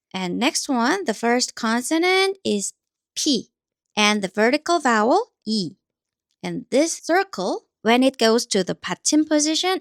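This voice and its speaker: A woman with a Korean accent teaches reading in a slow, deliberate way, pausing to repeat each sound for her learners. Her pitch sits a little high and moves a lot. The recording is dry and close. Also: no echo.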